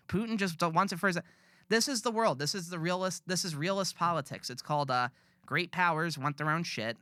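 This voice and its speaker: A man's voice: fairly high pitch, pushed and bright, dry recording, studio quality. A man ranting bluntly and profanely in casual podcast chat. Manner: blunt, profane, rambling rants. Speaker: podcast co-host.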